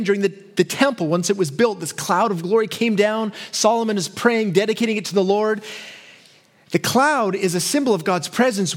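High-voiced pastor preaching earnestly. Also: male voice. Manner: earnest, voices imagined questions to God with rising animation. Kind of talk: sermon.

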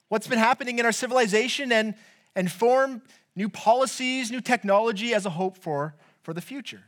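A man giving a sermon in a conversational, storytelling way, with frequent restarts and a voice that gets louder when he quotes someone. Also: very high-pitched. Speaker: preacher.

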